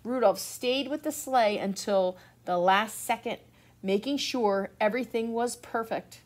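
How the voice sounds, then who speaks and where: Expressive woman reading a kids' story. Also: mid-range voice, measured pace. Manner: expressive, gasps in surprise. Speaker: teacher reading to children. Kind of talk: children's read-aloud storytime.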